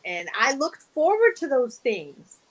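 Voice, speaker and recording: With a high voice and a slightly slow delivery, a young guest actress in a casual interview animatedly recounts stories, acting out the quoted dialogue and laughing frequently. The audio is poor.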